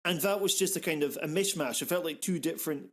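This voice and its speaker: A man with a fairly high voice talks films on a podcast, rambling from one thought to the next. He gets animated and swears casually, and he fills the gaps with quick restarts. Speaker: podcast host. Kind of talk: casual film discussion.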